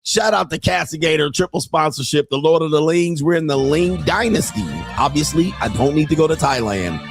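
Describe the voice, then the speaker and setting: A man's voice: a little high, fairly quick, faint music behind. A man hosting a casual livestream, reading out chat messages and talking in a crude, blunt, joking way. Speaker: podcast host.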